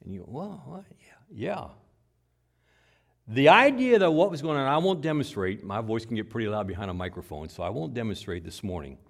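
A man preaching a sermon in church, animated, repeating words and acting out the quotes. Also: on the low side, fast talker, hardly any pauses. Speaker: pastor. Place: church with microphone.

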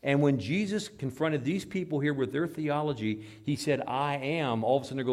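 A pastor preaching a sermon, reading scripture aloud dramatically and dropping into quiet asides, asking the congregation questions. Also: male voice, medium pitch, a little fast, hardly any pauses. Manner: dramatic, swings between loud scripture reading and hushed asides.

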